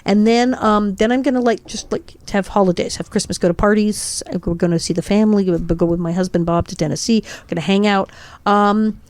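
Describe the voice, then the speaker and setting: Lively storytelling woman in her 60s. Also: medium pitch, fairly quick, no echo. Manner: lively, quotes people in acted voices, laughs often. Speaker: guest, actress and author. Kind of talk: animated storytelling in an interview.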